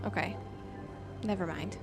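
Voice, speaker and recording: A woman player in a tabletop game answers in quiet, wry remarks. Her voice sits at a middle pitch. Faint music plays behind. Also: measured pace, gravelly.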